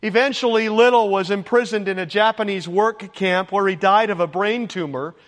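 A man's voice: high-pitched, moderate pace, fairly bright tone. A man preaching a sermon, earnest and exhorting, at times emotional. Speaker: pastor. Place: church sanctuary. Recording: long hall reverb.

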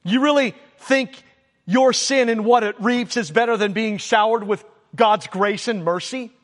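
A man's voice: high-pitched, unhurried. A man preaching a sermon, emphatic and repeating his exhortations. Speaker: pastor. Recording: long hall reverb.

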